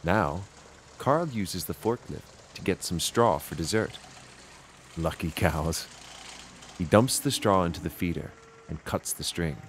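A man's voice: low-pitched, lively intonation, measured pace, slight background noise. A man narrating a children's video, pointing things out to young viewers in a sing-song way.

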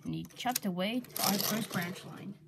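A woman's voice: mid-range voice, moderate pace, creaky, heavy background noise. A woman narrating a casual toy train story with a few restarts.

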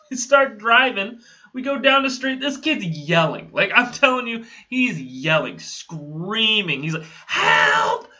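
Young man, casual storytime vlogger, sharp bright voice, slightly high, laughs often, swears, lo-fi.

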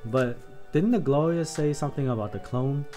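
A man's voice: medium pitch, normal speed, dark tone. A man chatting casually while building a keyboard on stream, laughing often and swearing freely. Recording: background music under voice.

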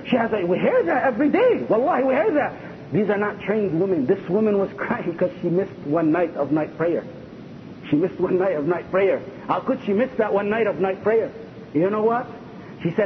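A high-voiced man preaches with fervor, throwing questions at his listeners. The recording is dull and lo-fi. A faint rumble runs underneath. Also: animated, a little fast. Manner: impassioned, asks the audience rhetorical questions. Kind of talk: sermon lecture.

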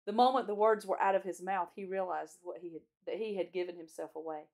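A woman, a children's chapel teacher, reading a storybook aloud in a gentle, clear way. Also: on the low side, fairly even intonation, fast talker.

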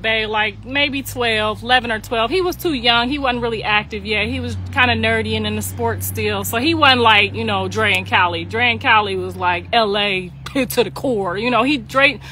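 Animated, slangy middle-aged woman storyteller. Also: a little high, a little hiss or hum. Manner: animated, laughing, slangy, acts out voices. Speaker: storyteller, mother. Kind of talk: casual storytelling monologue.

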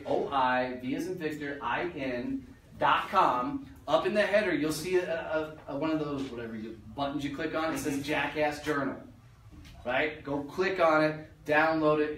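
Picked up from a distance with roomy echo and a little hiss or hum, a man with a fairly high, fairly bright voice gives a motivational talk. Speaking to a business audience in a meeting room, he's blunt, jokey, and swears casually.

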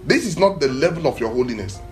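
A man preaching a sermon in an animated, emphatic way, with short phrases repeated for emphasis. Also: quick pace, faint music behind. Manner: animated, emphatic preaching that swells in pitch and volume.

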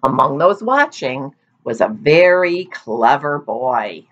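A woman reading a storybook aloud to children, lively, with playful asides, on a dull lo-fi recording. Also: rumbling low, takes it slowly.

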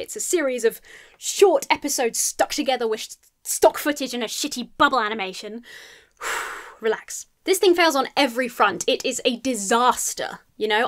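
Woman, slightly high voice, sarcastic, exasperated, swears a lot, scripted review commentary. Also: a bit bright. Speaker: YouTube film reviewer.

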